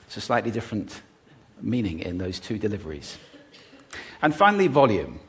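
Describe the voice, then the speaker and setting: A man giving a talk on stage to a live audience about speaking, deliberately varying his pitch, pace and volume. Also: sing-song, fairly bright tone. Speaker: public speaker on voice.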